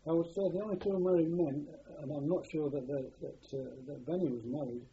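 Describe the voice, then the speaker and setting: A man's voice: a little high, a little fast, breathy edge. An older man with a rambling, repetitive way of talking, recalling his wartime past in an oral history interview. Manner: rambling, repeats words while recalling. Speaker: interviewee, former prisoner of war. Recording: dull lo-fi archive tape with faint hiss.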